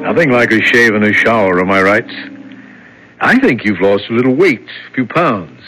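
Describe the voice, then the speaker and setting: An actor playing a brisk, offhand prison guard in a 1970s radio drama. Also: male voice, on the low side, lively intonation, over music, lightly acted, low-quality recording. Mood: breezy.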